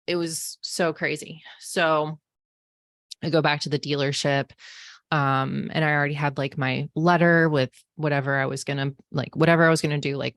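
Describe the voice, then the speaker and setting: Low-voiced woman telling a chatty story. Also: creaky, fairly bright tone, dry recording. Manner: chatty, frequent "like" and "um" fillers. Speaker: podcast host, psychic medium. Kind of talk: casual storytelling monologue.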